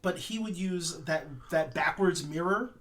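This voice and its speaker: A man's voice: fairly high pitch, unhurried, crowd noise. A man in his thirties co-hosting a casual comedy podcast, dropping wry, crude quips. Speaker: podcast co-host.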